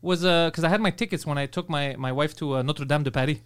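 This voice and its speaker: A middle-aged man hosting a podcast, telling profane stories and acting out loud quotes. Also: a little high, fast talker, clear, resonant tone. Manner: animated, profane storytelling with loud acted-out quotes. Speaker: podcast host. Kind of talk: casual podcast chat.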